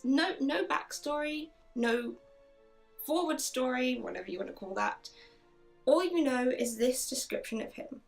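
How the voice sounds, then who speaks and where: A chatty woman reviewing a book, her talk bright with enthusiasm and a somewhat high pitch. Her voice carries a gravelly fry, with faint music underneath. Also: lively intonation, a little slow. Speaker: book vlogger. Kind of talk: casual book review with read-aloud passages.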